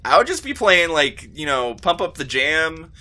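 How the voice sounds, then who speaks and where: Bright-voiced young man playing a game. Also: a little high, sing-song, normal speed. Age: young adult. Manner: easygoing, wry, dry asides. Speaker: let's player. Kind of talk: casual gaming banter.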